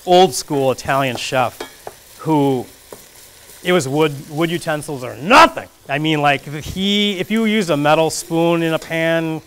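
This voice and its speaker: A man with a voice on the high side, clear and resonant, takes his time as he cooks. In a community kitchen classroom, he walks a casual class through a recipe step by step, chatting and joking and making light of himself.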